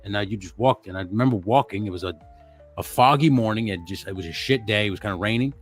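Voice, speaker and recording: A man's voice: lowish voice, fast, slightly rough, faint music behind. A young man telling a ghost story in a casual, profane, rambling way, restarting his sentences. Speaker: livestream co-host.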